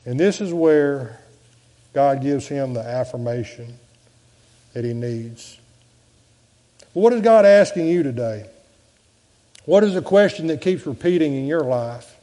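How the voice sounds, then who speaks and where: Pastor preaching, mellow kinda high voice, long echo of a church, goes loud then hushed. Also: male voice, expressive, a little slow, long pauses. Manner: dramatic swings between loud and soft delivery. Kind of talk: sermon. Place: church sanctuary.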